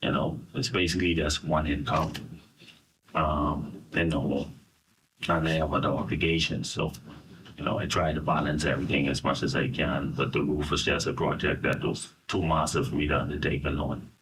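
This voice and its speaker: A middle-aged Bahamian man recounting a personal ordeal in an interview, halting and full of "you know". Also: rumbling low, level tone, fairly bright tone, a little hiss or hum. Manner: halting, searching for words, frequent "you know". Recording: voice from a distance.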